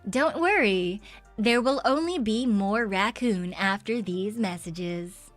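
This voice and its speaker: A woman voicing a polite female customer-service raccoon on a game stream, slow and sing-song like a service-desk greeting. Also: medium pitch, faint music behind, voice pushed down, close to an everyday voice. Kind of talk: comic voice bit on a game stream.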